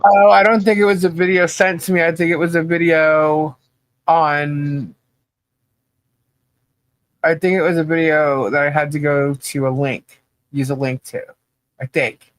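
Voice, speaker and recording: A woman's voice: low voice, little pitch movement, unhurried, pauses often, no echo. A woman co-hosting a podcast, chatty and scattered as she hunts for a video, laughing often. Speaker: podcast co-host. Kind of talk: casual chat.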